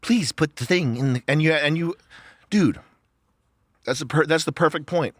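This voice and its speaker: A man's voice: fairly high pitch, normal speed, no echo. A man co-hosting a casual podcast chat, sarcastic and piling up long, incredulous rhetorical questions. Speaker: podcast co-host.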